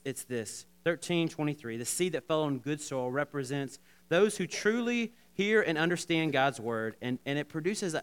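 A man preaching a sermon, talking straight to the congregation with lots of restarts and animated asides. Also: on the high side, clear, resonant tone. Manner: animated, repetitive restarts, addresses congregation directly. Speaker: pastor.

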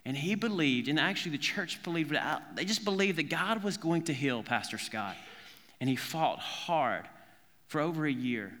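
A man's voice: fairly high pitch, animated, moderate pace, fairly bright tone, long reverb tail. A man from South Carolina preaching a conversational sermon, earnest and informal, often restarting his sentences. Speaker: pastor.

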